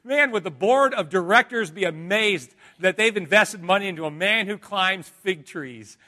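A male pastor preaching a sermon, swinging from hushed lines to loud dramatic ones. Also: high-pitched, animated, normal speed.

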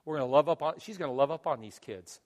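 A man's voice: on the high side, animated, quick pace, a little mellow, long reverb tail. A man preaching a sermon as pastor, telling stories animatedly and acting out both sides of conversations. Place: church sanctuary.

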